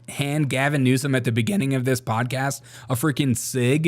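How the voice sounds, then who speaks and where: A man's voice: mid-range voice, background noise. Man, show host, sarcastic, casual political chat, laughs a lot. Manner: sarcastic, laughs often, reads viewer comments aloud.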